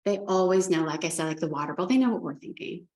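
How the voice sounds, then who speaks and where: A woman's voice: lowish voice, fast, a little mellow. A woman speaking as an animal communicator, telling stories in a chatty way with lots of restarts. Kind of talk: spiritual talk. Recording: echoey room.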